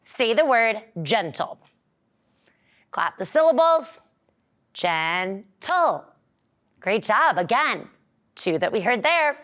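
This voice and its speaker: A woman teacher leading a children's lesson, singing and cheering in a bright, encouraging, sing-song voice. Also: a little high, big pitch swings, takes it slowly, long pauses.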